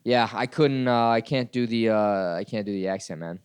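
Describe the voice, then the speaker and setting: Male podcast guest, deeper voice, blunt dry banter. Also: normal speed, clear, resonant tone. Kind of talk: casual comedy podcast banter.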